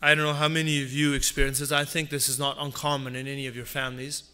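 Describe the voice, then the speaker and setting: A man preaching a Christmas sermon, earnest and repeating phrases for emphasis, dropping low on his asides. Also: little pitch movement, quick pace, pushed and bright, clear, resonant tone. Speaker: pastor.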